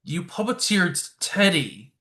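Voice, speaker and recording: A man hosting a podcast, reading short prepared interview questions in a flat way. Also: high voice, slow. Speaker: podcast host.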